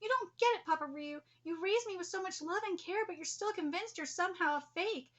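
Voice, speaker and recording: A woman's voice: very high-pitched, a little fast, fairly bright tone, dull audio. A woman voicing a blunt, loving teenage girl while reading a manga aloud. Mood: insistent.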